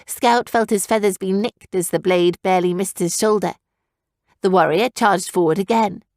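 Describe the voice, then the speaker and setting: A woman narrating a young adult fantasy audiobook in a steady storytelling manner. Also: mid-range voice, normal speed, dry recording, studio quality. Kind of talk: scripted narration.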